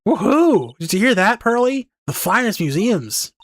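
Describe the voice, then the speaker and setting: A man's voice: a little high, normal speed. Guy doing a peppy teen girl sidekick, raised voice, bouncy. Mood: excited. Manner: bouncy and excitable. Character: cheerful, bubbly teenage girl sidekick.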